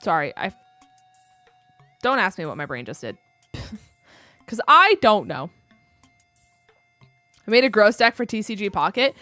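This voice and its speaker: A woman's voice: medium pitch, sing-song, unhurried, pauses often, bright, forceful tone, no echo, faint music behind. A young adult woman chatting casually with her live-stream audience, rambling with many ums and likes.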